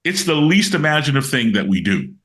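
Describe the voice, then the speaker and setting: A man's voice: medium pitch, fairly quick. A man in his sixties, a comics writer being interviewed, telling stories animatedly with many restarts. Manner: animated storyteller, many restarts, acts out quotes. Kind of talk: casual interview chat.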